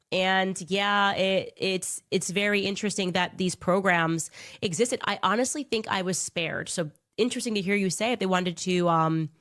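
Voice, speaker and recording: Woman telling stories, acting out voices. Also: lowish voice. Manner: animated, acts out quoted voices. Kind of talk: casual storytelling.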